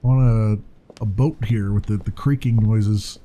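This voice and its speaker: A man's voice: fairly low pitch, fairly even intonation, measured pace, mellow. A man casually commenting while playing a video game, chatty and wondering aloud. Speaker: let's play commentator.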